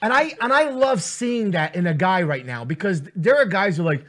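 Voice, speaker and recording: A man co-hosting a talk show, telling profane, animated stories in casual comedic banter. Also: sits high, fairly quick. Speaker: podcast co-host.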